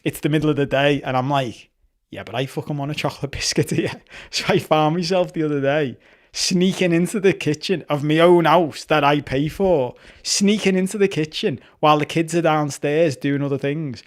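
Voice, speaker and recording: A man's voice: on the high side, normal speed. Sweary Liverpool man in his forties. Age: 40s. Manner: sweary, lively storytelling. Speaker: podcast co-host. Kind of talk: casual chat.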